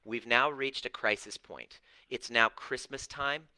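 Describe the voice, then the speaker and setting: Middle-aged man, relationship coach, blunt and profane, very bright tone, dry close sound. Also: mid-range voice, unhurried, no echo, low-quality recording. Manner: blunt, profane, preachy, with mocking put-on voices. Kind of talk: direct-to-camera talk answering viewers.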